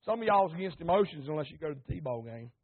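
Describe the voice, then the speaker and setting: A man preaching an impassioned sermon, repeating phrases, asking the congregation questions and rising to shouts. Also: fairly high pitch, animated, fast. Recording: tinny phone-like recording.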